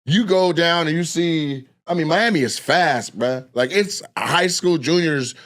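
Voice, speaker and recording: Animated, profane man telling stories. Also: on the high side, unhurried. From Washington State, USA. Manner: profane, animated, acts out quoted voices. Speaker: guest storyteller. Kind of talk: casual storytelling chat.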